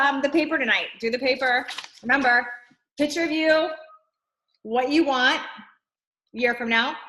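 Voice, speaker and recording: A middle-aged woman hosts a casual live coaching session and answers viewer questions as they come in. She is talkative and fills her speech with "like". Her voice sits a little high and sounds bright and energetic. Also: low-quality recording. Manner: chatty, reads and answers viewer comments, many "like"s. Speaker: fitness coach hosting a live class.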